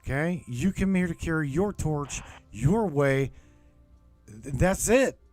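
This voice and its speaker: A man hosting a call-in show and chatting casually with a caller, talking emphatically, swearing freely, and swinging between low murmurs and excited bursts. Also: slow pace, dry recording, faint music behind. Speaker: host.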